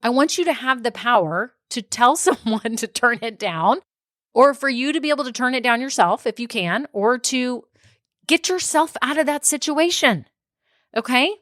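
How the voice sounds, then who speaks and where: A woman's voice: on the high side, expressive, moderate pace, a bit bright, no echo, clean studio sound. A woman, hosting a casual solo business podcast, chatty and laughing often as she goes on tangents. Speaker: podcast host and business coach.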